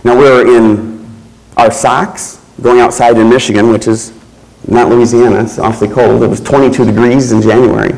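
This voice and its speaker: Man telling a personal story, measured. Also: medium pitch, steady tone, creaky, darkish tone, rough recording. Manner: slow, measured storytelling with pauses. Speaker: keynote speaker.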